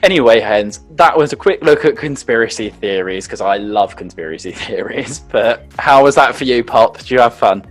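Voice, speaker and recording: A man in his middle pitch tells one thing after another in an easy, chatty co-host way, his talk filled with "like" and bursts of laughter. Faint music sits underneath the voice. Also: normal speed, hardly any pauses. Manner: animated, laughing, full of "like" fillers. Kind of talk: casual chat.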